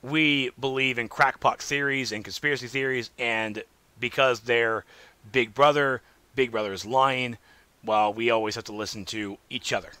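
A man hosting a casual solo gaming podcast, rambling and animated, swinging between loud remarks and muttered asides. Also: medium pitch, normal speed, clean tone, no room sound. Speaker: podcast host.

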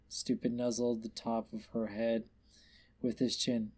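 A man's voice: medium pitch, level tone, a little slow, dark tone. A man casually reading a story aloud, tripping over words and adding offhand asides. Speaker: reader.

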